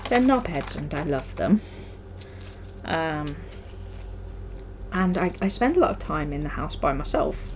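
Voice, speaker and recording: Young woman, craft streamer, lively sing-song rambling chat, self-deprecating. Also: sits low, unhurried, long pauses, slight background noise. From Wolverhampton, England. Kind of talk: casual chat while crafting.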